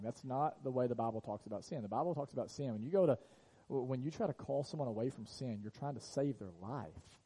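A man preaching in an earnest sermon style, his voice dark and mellow. He often sinks to a quiet hush to press a point, then lifts again. He is speaking in a church sanctuary. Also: medium pitch, fast, hardly any pauses, low-quality recording. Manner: earnest preaching, drops to a hush on key lines. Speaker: pastor.

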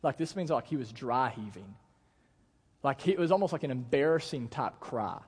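A man's voice: medium pitch, expressive, normal speed, slightly rough, big-room sound. An American man, a pastor, giving a sermon in a casual, conversational way with lots of fillers. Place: church auditorium.

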